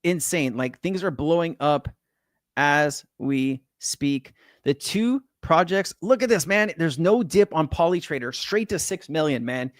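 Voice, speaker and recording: A man's voice: on the high side, expressive, measured pace, dry recording. Laid-back middle-aged man, dry close sound. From California. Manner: laid-back slang-heavy, swears, says man and bro. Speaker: crypto livestream host. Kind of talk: casual livestream chat reading viewer comments. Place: home in Hawaii.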